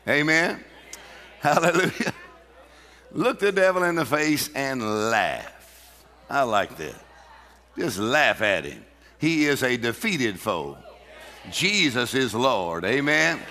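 Gravelly bright preacher guy, pumped up, shouting and laughing through the sermon. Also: medium pitch, sing-song, slow pace, long pauses, in a large hall. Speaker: pastor.

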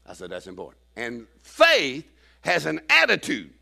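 Gravelly, emphatic male preacher. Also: huge pitch swings, normal speed. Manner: emphatic, rising to shouts and dropping low for asides. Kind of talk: sermon.

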